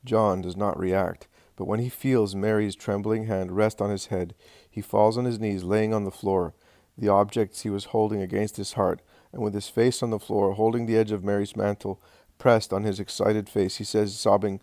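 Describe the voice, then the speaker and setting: A male narrator reads a devotional text in a measured, solemn manner. His voice sits low. The recording is close and dry, with no room sound. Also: little pitch movement, darkish tone, dry recording.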